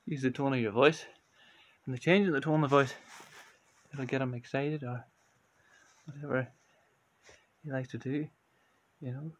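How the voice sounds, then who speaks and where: An Irish man vlogging at home in a gentle, unhurried, chatty way, recorded on a handheld phone. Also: mid-range voice, steady tone. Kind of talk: casual talk to camera. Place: home bedroom.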